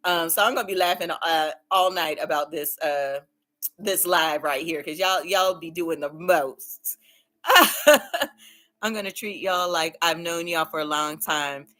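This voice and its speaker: Her voice lowish, bright and forceful, a woman hosts a casual livestream at an unhurried pace. She reads out viewer comments and cheers people on, often laughing and repeating herself.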